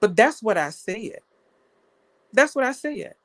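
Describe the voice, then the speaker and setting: A woman's voice: fairly high pitch, big pitch swings, a little slow, dry recording. A young woman hosting a live online panel, telling stories in a casual, chatty way and defending herself. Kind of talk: casual talk on a live stream.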